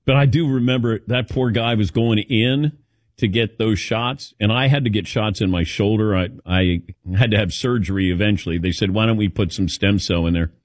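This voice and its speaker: Speaking at a moderate pace in a lowish voice, a middle-aged man on a radio show chats through casual stories, quoting people by mimicking them. The sound is clean studio quality with no echo.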